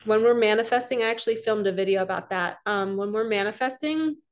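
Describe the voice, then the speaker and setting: A woman in a middle-pitched voice talks viewers through an oracle card reading. She is earnest and chatty, and she wanders a bit as she speaks straight to the audience. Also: quick pace. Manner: earnest, chatty and rambling, addressing viewers directly. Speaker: spiritual coach doing card readings.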